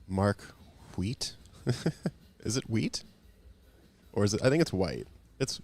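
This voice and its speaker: A man commentating a pool match on his own late at night, rambling and self-mocking, keeping his voice soft. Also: very animated, slow, faint music behind. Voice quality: fake accent put on at times. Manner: keeps voice soft and low. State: tired after a long day.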